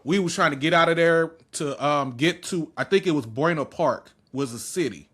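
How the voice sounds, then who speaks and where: A man's voice: fairly high pitch, normal speed, a bit bright, husky. A man in his forties hosting a podcast and chatting casually in a laid-back, slangy way. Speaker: podcast host. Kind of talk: casual chat.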